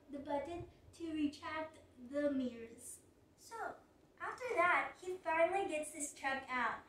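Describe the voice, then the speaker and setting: A woman's voice: high-pitched, far from the mic. A young woman telling a rambling storytime in a casual, chatty way. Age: young adult. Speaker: vlogger. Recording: roomy sound from away from mic.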